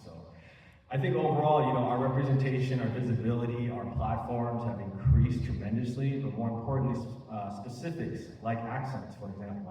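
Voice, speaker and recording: A man's voice: on the low side, dark tone. A man, an actor on a convention panel, talking conversationally with frequent "you know" asides. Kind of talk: panel discussion. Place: large convention panel room. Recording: echoey hall, voice far from the mic, faint noise.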